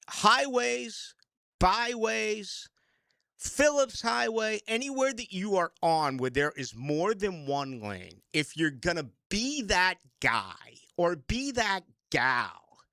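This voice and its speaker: A man hosts a sports radio show and rants in a loose, conversational way. His voice is bright and swings widely in pitch. The studio sound is dry and close. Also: takes it slowly, dry recording. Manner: animated, ranting. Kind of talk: casual radio talk. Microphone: studio microphone.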